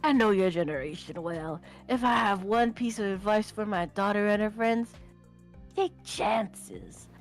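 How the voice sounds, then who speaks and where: A woman voicing a creepy middle-aged man who speaks in a smug, slow and overly formal way. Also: medium pitch, soft background music, close to an everyday voice.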